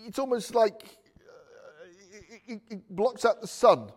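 A man's voice: sits high, lively intonation, a little slow. A man preaching a chatty, joking sermon full of asides. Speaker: pastor.

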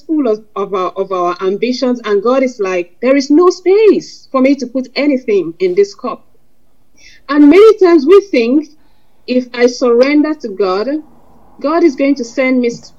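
A woman with a fairly high, warm voice delivers an earnest, conversational sermon, blending scripture quotes into plain talk for her congregation. The sound is dull and lo-fi.

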